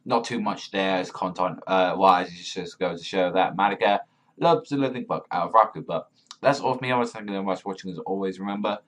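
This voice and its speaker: A man's voice: low voice, fast talker. A man giving a casual, profane review, rambling with lots of fillers and swearing. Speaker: manga reviewer.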